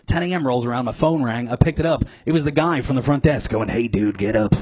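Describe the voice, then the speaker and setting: A man performing a live stand-up set in a comedy club, animated and profane, jumping now and then into loud put-on voices. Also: medium pitch, fast, dry recording. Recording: dull lo-fi live recording.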